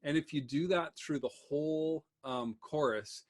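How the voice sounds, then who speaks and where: A man casually explaining a bluegrass singing lesson, talking quickly with many ums over guitar. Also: fairly high pitch. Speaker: music teacher. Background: guitar playing.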